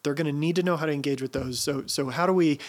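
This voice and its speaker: A man hosts the interview in a fairly high voice, asking careful questions. He circles back over his words as he thinks aloud. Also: quick pace. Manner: thoughtful, repeats words as he searches for them. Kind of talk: interview conversation.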